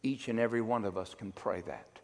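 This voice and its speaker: A man's voice: fairly low pitch, animated, creaky, long reverb tail. A male pastor praying fervently from the pulpit, drawing out his pleading phrases. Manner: fervent, drawn-out pleading prayer. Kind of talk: sermon and prayer.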